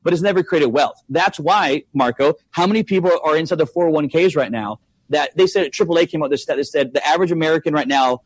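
Husky guy on a podcast, a bit high voice, firing off rhetorical questions. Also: quick pace. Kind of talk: casual podcast chat.

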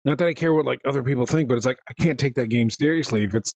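Male podcast host, mid-pitched and chatty, rambling and animated, dry close mic. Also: very fast, creaky, no room sound, poor audio. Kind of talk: casual gaming chat.

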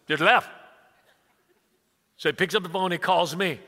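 Animated pastor in a reverberant hall. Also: male voice, sits high, a little slow. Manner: animated, conversational preaching that swings from hushed to loud. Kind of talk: sermon with storytelling.

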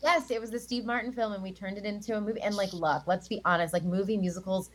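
An American woman in her thirties talks casually as an interview guest. She looks back on her stage career, says "um" and "like" often, and breaks into laughs. Her voice sits at an ordinary middle pitch. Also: fairly even intonation, fast. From United States. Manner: chatty, laughs often, many fillers. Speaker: guest, Broadway actress.

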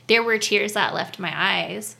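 A woman's voice: medium pitch, measured pace, creaky, bright, forceful tone. A young woman chatting casually and candidly, telling emotional stories with lots of fillers. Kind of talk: casual chat.

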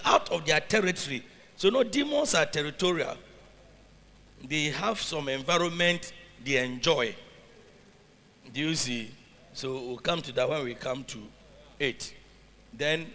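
A male preacher with a high, gravelly voice reads scripture and unpacks each verse. He keeps asking his listeners whether they follow. His bright voice rings out in a reverberant hall. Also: animated, unhurried. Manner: reads scripture aloud then explains it, with questions to the congregation. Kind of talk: sermon.

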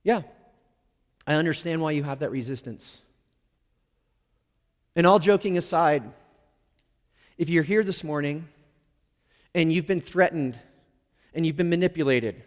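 A middle-aged male pastor giving a conversational, candid sermon with playful, self-deprecating asides. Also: on the high side. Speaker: lead pastor. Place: church sanctuary. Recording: long reverb of a large hall.

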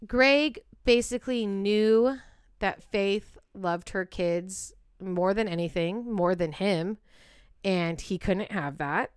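Smooth-voiced woman recounting a crime, blunt. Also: mid-range voice, slow pace, no room sound, studio quality. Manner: blunt, profane, builds to heated outbursts. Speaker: podcast co-host. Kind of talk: true crime podcast narration.

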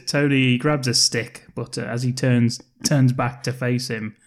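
A man's voice: mid-range voice, fairly even intonation, measured pace. A man co-hosting a podcast, recapping a film in casual chat, swearing and laughing often and putting on voices for the characters. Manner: sweary, giggly, acts out quotes in funny voices. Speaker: podcast co-host. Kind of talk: casual comedic movie recap.

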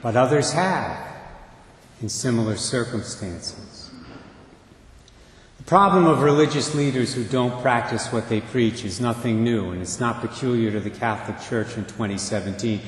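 An older man, a priest, preaching a homily in a measured, deliberate way with a wry touch. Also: medium pitch. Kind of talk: sermon. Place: church. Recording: echoey church with long reverb.

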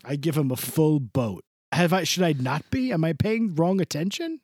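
A man's voice: on the high side, big pitch swings, normal speed, darkish tone, slightly rough, no room sound, studio quality. A man playing a foul-mouthed, boastful Santa Claus who rambles and laughs, his voice swooping up and down in a creepy way. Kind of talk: improvised comedy podcast bit.

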